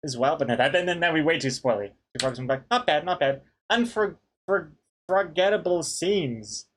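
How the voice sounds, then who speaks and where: On a casual live stream, a man with a medium-pitched voice talks quickly, jokingly reading out viewers' names and their pun suggestions. He laughs often as he goes.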